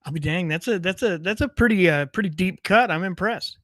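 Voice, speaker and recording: A man's voice: sits high, a little fast, fairly bright tone, no echo, studio quality. A male host chatting casually and playfully on a live show, often restarting his sentences.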